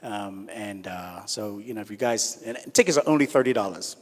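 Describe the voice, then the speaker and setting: A man's voice: lowish voice, lively intonation, normal speed. A man hosting an awards show as a comedian, chatty and teasing the crowd. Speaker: comedian and event host. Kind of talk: stand-up comedy and audience banter. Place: large hall at an awards event. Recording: reverberant hall.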